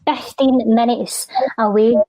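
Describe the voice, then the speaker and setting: A woman's voice: a little high, steady tone, mellow, no echo, low-quality recording. Scottish woman reciting a spoken-word poem. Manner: rhythmic recital with drawn-out refrains. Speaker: guest poet.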